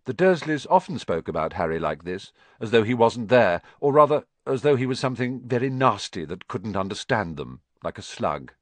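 Male storybook narrator, low voice, very lively delivery, dry close sound. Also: moderate pace, hardly any pauses, no room sound. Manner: expressive, dramatic reading. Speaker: audiobook narrator.

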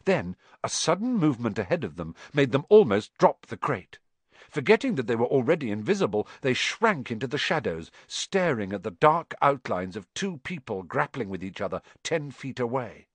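A man's voice: mid-range voice, very animated, normal speed, dry recording. A man reading a children's story aloud, telling it expressively and acting out the characters. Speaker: audiobook narrator. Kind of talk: scripted narration.

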